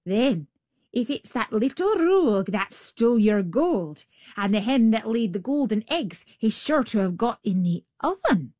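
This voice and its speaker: A woman's voice: a little high, big pitch swings, a little slow, darkish tone, no echo, studio quality. A woman voicing the ogre's wife in a storybook reading, coaxing and fussing over her husband.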